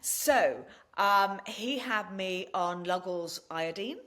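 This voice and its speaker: A woman guest on a podcast interview, telling her own story in a candid, blunt and animated way, swearing freely. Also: medium pitch, slow pace. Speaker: podcast guest and wellness practitioner.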